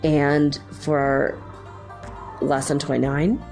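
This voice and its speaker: A woman hosting a spiritual podcast, reading lines slowly and deliberately, repeating each one. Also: sits low, creaky, a little mellow, soft background music. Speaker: podcast host.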